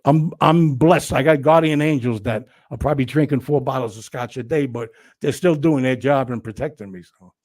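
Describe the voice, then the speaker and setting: An older man spins stories as a guest in a relaxed interview. He talks in an animated, salty way and slips into the voices of the people in his tales. His pitch sits in an ordinary middle range. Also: normal speed, few pauses. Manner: animated, profane storyteller who acts out quotes. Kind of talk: casual storytelling interview.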